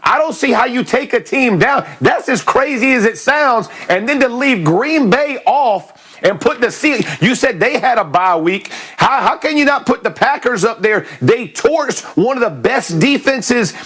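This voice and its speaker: A man with a very high voice that swoops up and down a lot argues hard in a sports debate. He talks colloquially and pushes his points again and again. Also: expressive, a little slow, fairly bright tone, husky. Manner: emphatic, pushy, colloquial.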